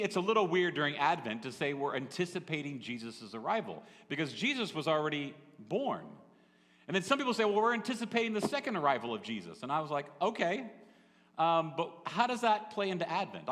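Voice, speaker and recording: A man's voice: on the high side, fairly bright tone. A male pastor preaching a sermon in a church, telling a story in a chatty, conversational way and turning to the congregation with asides. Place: church sanctuary. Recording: echoey church hall.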